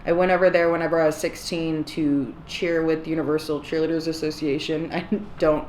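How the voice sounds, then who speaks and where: A woman's voice: low-pitched, little pitch movement, fairly quick, darkish tone. A young American woman chatting casually to camera as a vlogger, laughing often and poking fun at herself. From United States. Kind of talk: casual couple chat to camera. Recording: echoey room with faint background hiss.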